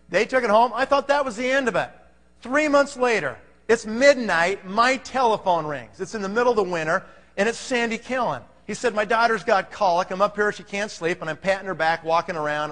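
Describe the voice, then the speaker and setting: A man giving an animated motivational sales talk to a live audience, often checking in with the crowd. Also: sits high. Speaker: conference speaker. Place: large hall. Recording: reverberant hall.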